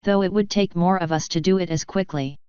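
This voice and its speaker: A woman's voice: on the low side, fairly quick, darkish tone, clear, resonant tone, dry recording, lo-fi sound, lightly acted. A woman voicing a smug, teasing female water elemental.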